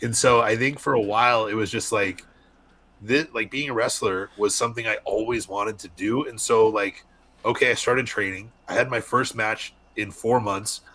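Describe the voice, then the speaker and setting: A young man from Arizona, a wrestler, chatting candidly as a podcast guest and telling lively stories. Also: fairly low pitch, moderate pace. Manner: candid storyteller, animated voices in anecdotes. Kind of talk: casual podcast interview.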